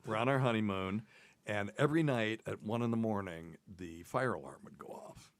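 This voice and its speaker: A man's voice: lowish voice, moderate pace, no room sound. A man hosting a podcast as a doctor, telling a rambling, self-deprecating story in casual chat and laughing at himself.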